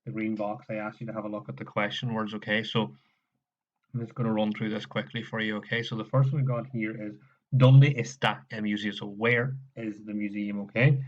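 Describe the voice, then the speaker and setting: A man's voice: lowish voice, little pitch movement, brisk, lo-fi sound. A man with an Irish accent teaching a recorded lesson, patiently explaining step by step and often checking in with "okay?".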